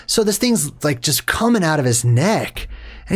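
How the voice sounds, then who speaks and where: A man's voice: a little high, big pitch swings, moderate pace. Preachy, rambling male commentary host. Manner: preachy and lecturing, with many fillers and restarts.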